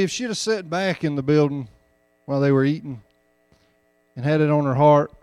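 Male preacher, high-pitched, homespun storytelling building to fervent emphasis, dry close recording. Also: no room sound. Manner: folksy storytelling, rising to loud emphatic preaching. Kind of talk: sermon.

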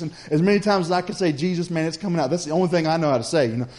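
A middle-aged man, preaching a sermon in a folksy storytelling way that builds to loud exhortation. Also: a little high, very fast, hardly any pauses.

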